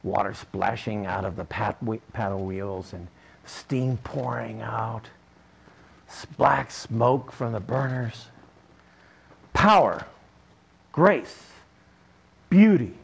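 A man's voice: lowish voice, expressive, slow, creaky, long pauses, slightly rough, poor audio. A male preacher delivering a sermon, telling a story in an emphatic way.

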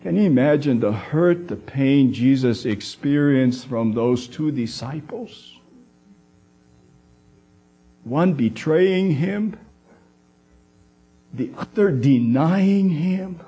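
A man preaching a sermon in a high voice, unhurried and deliberate. He leans on dramatic pauses and slips into the quoted words of others as he goes. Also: animated, mellow, breathy edge, muffled recording.

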